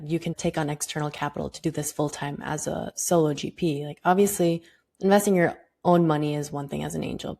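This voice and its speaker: A woman's voice: low-pitched, gravelly, dark tone. A woman hosting a podcast, engaged and asking follow-up questions of her guest. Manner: engaged, asks follow-ups. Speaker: podcast host. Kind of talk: interview questions.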